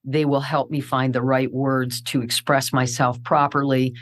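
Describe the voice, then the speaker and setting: Low-voiced woman telling a vivid story. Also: measured pace. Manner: vivid, animated storyteller who acts out her own quoted remarks. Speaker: podcast guest. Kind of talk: emotional personal storytelling.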